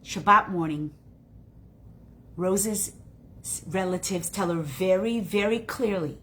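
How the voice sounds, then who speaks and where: A woman teacher telling a story in a class, dramatic and expressive. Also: fairly low pitch, slow, long pauses, a little hiss or hum. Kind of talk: storytelling lesson.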